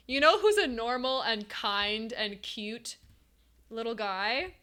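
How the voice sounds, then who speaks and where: A young woman streaming live and chatting loosely with her viewers. She sounds bright and fairly high, and she stays animated throughout, laughing often as she talks to chat. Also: slow, smooth.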